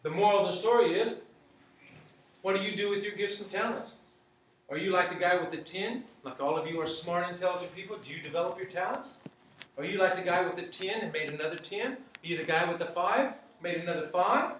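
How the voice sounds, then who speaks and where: High-voiced man teaching in an echoey space. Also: a little fast, fairly bright tone, slight background noise. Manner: asks many rhetorical questions; repeats phrases. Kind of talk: teaching a group. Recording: very echoey, from far off.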